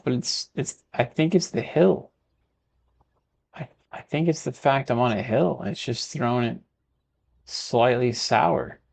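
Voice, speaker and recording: A man from Texas narrates his city-building session in a relaxed, chatty way. He mutters to himself as he works, his voice sitting at an ordinary middle pitch. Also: gravelly. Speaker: gaming video host. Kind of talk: casual let's-play commentary.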